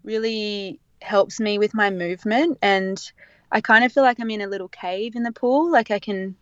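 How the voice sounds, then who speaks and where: A woman's voice: mid-range voice, steady tone, normal speed, a bit bright, no echo, muffled recording. A woman talking candidly about a birth in a casual interview, chatty and laughing often. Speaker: guest sharing her birth story.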